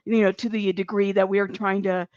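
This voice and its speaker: A woman working as a social worker joins a stream over a remote call, explaining earnestly between fillers. The call audio is a little dull and dry. Her voice sits at a middling pitch. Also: little pitch movement, a little fast, a little mellow, no room sound. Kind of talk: casual call-in conversation. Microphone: remote call audio, not on camera.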